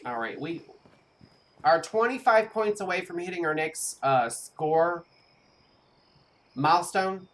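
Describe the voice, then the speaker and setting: Game streamer, live commentary, chatty, animated, mid-pitched, faint background noise. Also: slow, long pauses. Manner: chatty, talks to viewers, animated reactions.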